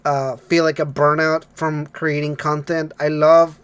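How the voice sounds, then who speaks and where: A man's voice: a little high, flat delivery, unhurried, a bit bright, a little hiss or hum. A man hosting a casual podcast, laughing often and rambling with many fillers. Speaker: podcast host. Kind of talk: casual chat.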